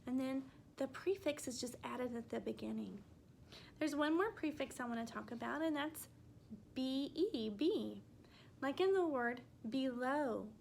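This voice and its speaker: A woman teaching a first grade phonics lesson, speaking gently and spelling out letters slowly for young children. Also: sits high, vocal fry, slight background noise.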